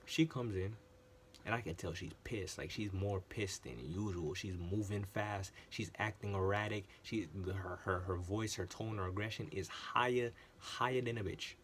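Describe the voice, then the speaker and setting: Animated man telling a story. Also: lowish voice, a little hiss or hum. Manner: animated, repetitive, swears casually. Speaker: channel host. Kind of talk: casual storytelling monologue.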